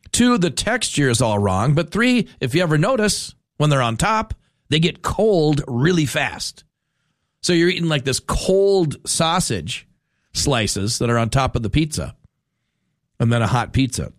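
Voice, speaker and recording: Male talk radio host, animated and rambling, dry studio mic, voice swooping up and down. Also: mid-range voice, dry recording. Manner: animated, rambling and self-mocking. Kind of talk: casual talk radio monologue. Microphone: studio microphone.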